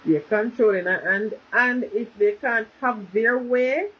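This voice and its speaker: A woman with a lilt talks loosely to viewers on a livestream, answering comments and drifting into patois. Her voice has a husky edge. The sound is muffled and lo-fi, like a phone stream. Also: fairly high pitch, unhurried. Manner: chatty, reads out viewer comments, switches to patois. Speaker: livestream host. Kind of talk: casual live chat with viewers.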